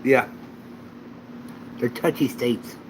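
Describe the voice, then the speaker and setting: A man's voice: mid-range voice, fairly even intonation, slow pace, a little hiss or hum, rough recording. A man hosting a casual livestream chat, telling rambling anecdotes. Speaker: channel host.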